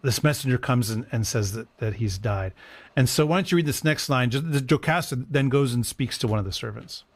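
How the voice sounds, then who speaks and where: A man's voice: mid-range voice, fairly quick. A man co-hosting a casual discussion, reading verse passages aloud with rising emphasis. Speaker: podcast co-host, priest.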